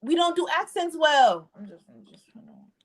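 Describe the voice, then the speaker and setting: A woman's voice: high-pitched, big pitch swings, a little fast. A woman co-hosting a podcast in casual chat, giving blunt, curt retorts. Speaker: podcast co-host.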